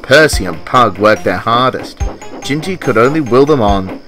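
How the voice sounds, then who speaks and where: A man giving scripted storybook narration in an animated, expressive way. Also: medium pitch, moderate pace. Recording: festive music with jingle bells behind.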